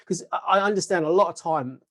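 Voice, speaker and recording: A man's voice: high voice, quick pace, a bit bright. A man hosting a podcast over a video call, asking long, hesitant, rambling questions full of restarts. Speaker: podcast host and interviewer.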